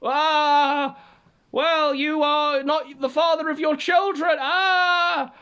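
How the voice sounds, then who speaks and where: A man putting on a shrill, screaming impression of a frantic male streamer. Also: takes it slowly, bright, forceful tone, exaggerated voice. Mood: shrieking. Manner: screaming, bawling.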